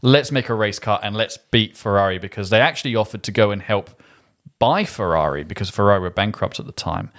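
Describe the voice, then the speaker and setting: A man's voice: fairly low pitch, brisk, fairly bright tone. A man from England hosting a casual film review chat, enthusiastic and rambling with frequent restarts. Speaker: film podcast host.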